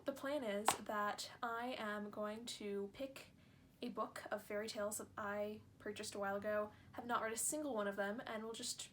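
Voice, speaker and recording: A woman's voice: medium pitch, fairly even intonation, normal speed, a bit bright, a little hiss or hum. A young woman chatting casually to camera from home, friendly and listing her points as she goes. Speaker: vlogger reading fairy tales. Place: indoors at home.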